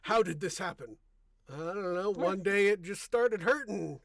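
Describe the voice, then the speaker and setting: A man's voice: sits high, measured pace, vocal fry, dry recording. A young man hosting a podcast, chatting casually in a rambling way, often correcting himself mid-sentence. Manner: rambling, self-correcting, soft-spoken. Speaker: podcast host. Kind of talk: casual chat.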